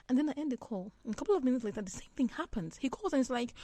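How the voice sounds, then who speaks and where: A woman's voice: a little high, fast, few pauses, warm tone, no room sound. A woman guest in a casual chat, telling a story in a chatty, laughing way with many fillers.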